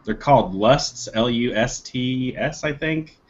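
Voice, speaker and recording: A man's voice: medium pitch, a little slow, a little hiss or hum. A man chatting easily on a group video call, explaining things plainly. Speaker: guest in group chat. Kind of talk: casual group video chat. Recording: dull lo-fi video call audio.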